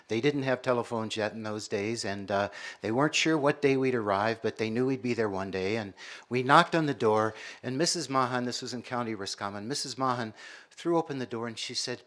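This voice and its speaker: An American man in his sixties, a university professor giving a public lecture with measured storytelling. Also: medium pitch, a bit bright. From United States. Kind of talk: public lecture with personal stories.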